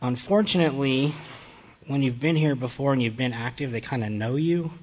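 A man's voice: mid-range voice, normal speed, darkish tone. A man giving a candid personal testimony to a group, blunt, profane and self-mocking. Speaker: recovery speaker addressing a group.

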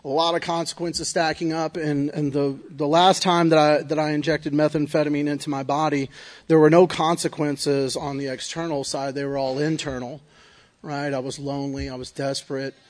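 Man, earnest confessional testimony, fairly high voice, keeps checking in with the listener. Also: little pitch movement, moderate pace. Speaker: recovery speaker. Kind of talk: personal testimony talk.

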